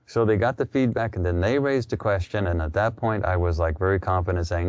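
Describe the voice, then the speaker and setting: Low-voiced man on dull radio audio. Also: a little fast, hardly any pauses, a little mellow, no echo. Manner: conversational, storytelling with quoted voices. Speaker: interview guest. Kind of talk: casual radio interview.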